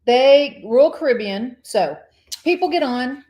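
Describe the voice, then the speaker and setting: A woman co-hosting a casual live cruise chat show, an animated storyteller who laughs often. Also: high-pitched, slow pace, reverberant.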